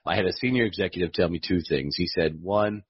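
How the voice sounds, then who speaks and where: Husky joking host with a faint Texan accent. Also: male voice, low voice, quick pace, lo-fi sound. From Texas, USA. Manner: joking, laid-back banter. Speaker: podcast host. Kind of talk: casual podcast interview.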